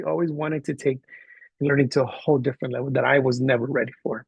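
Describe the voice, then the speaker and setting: A man teaching a class, telling a story in an animated way and acting out the dialogue. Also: medium pitch, fast talker, creaky, breathy edge, no room sound, muffled recording. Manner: animated, acts out quoted dialogue. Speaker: college instructor. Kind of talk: storytelling lecture to students.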